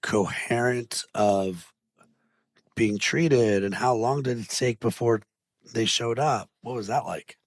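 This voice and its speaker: A man's voice: mid-range voice, slow pace, no echo. A man, a podcast host, asking short, probing follow-up questions in a casual interview.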